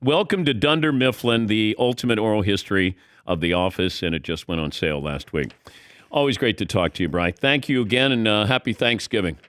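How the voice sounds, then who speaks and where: A man's voice: lowish voice, expressive, brisk, fairly bright tone, clean tone, no room sound. A man hosting a talk show, teasing his guest in a dry way and wrapping up the interview. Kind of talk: casual interview chat.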